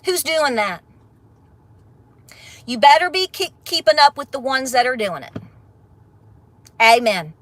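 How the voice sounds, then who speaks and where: A woman's voice: high-pitched, animated, unhurried, pauses often, fairly bright tone, dry recording. A middle-aged woman, ranting bluntly on a casual livestream, then laughing and affectionate with her viewers. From Appalachia. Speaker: homestead vlogger.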